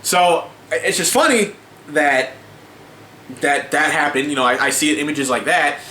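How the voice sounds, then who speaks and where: A man's voice: fairly high pitch, a little slow, bright, forceful tone. A man ranting casually to camera as a vlogger, exasperated and swearing, with many restarts and fillers. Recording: echoey room with faint ambient noise.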